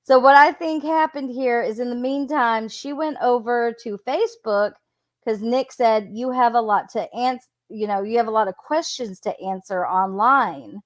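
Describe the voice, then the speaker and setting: A woman's voice: a little high, moderate pace. A woman reading text messages aloud and breaking off into sarcastic, mocking commentary. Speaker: YouTube commentator.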